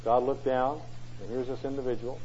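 A man's voice: medium pitch, steady tone, brisk, warm tone, slight background noise. A man preaching a sermon in an emphatic way, often asking rhetorical questions. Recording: dull lo-fi recording.

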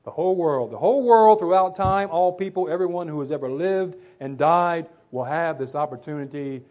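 A man's voice: on the high side, normal speed. A man preaching a sermon, reading scripture and repeating phrases for emphasis. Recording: tinny phone-like sound.

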